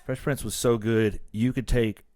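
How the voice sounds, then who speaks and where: A man hosting a casual podcast, telling stories in an animated way and acting out the quotes. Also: medium pitch, normal speed, dry recording, clean studio sound. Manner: animated storyteller, acts out quotes. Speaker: podcast host. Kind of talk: casual chat.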